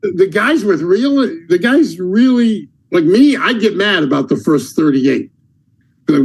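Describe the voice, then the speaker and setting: A high-pitched man hosts a casual podcast chat. He talks in animated bursts, slipping into the voices of yelling coaches as he tells his stories. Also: unhurried, breathy edge, rough recording. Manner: animated storyteller, acts out shouting coaches. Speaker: podcast host and basketball coach.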